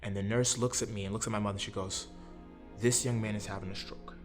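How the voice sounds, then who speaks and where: A man's voice: fairly low pitch, steady tone, fast, faint music behind. A man in his thirties from Brooklyn, earnestly recounting a personal story step by step and acting out what others said. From Brooklyn, New York. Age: 30s. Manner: earnest, recounts events step by step, often acts out other people's words. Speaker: interview guest.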